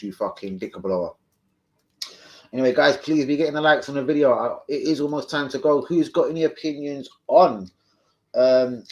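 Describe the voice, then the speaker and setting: A man's voice: medium pitch, darkish tone. A man hosting a fan live stream, chatting casually, swearing freely and answering viewers off the cuff. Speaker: fan channel host.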